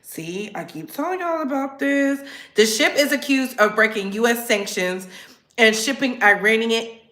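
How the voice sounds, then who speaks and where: A woman hosting a casual commentary show, sassy and animated as she talks right to her viewers. Her voice is bright and a little high. It sounds like an echoey room. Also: normal speed. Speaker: commentary channel host.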